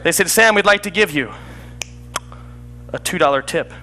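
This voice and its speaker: Man, high bright voice, comedy magician storytelling patter, jokey and chatty, faint music behind. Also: lively intonation, normal speed. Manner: chatty, jokey, breaks off to laugh at himself. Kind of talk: storytelling card trick patter.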